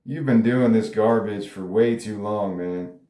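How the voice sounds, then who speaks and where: A man's voice: on the low side, a little slow, dark tone, lightly acted. A man reading the part of a friendly male actor who posed as a gangster, talking in a pleading, easygoing way. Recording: roomy echo.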